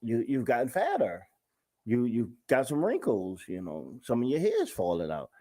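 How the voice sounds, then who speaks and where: Male host, casual slangy monologue, pitch jumps all over, middle register. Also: moderate pace. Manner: animated, slangy, talks straight to viewers. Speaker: show host. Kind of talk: casual talk-show monologue.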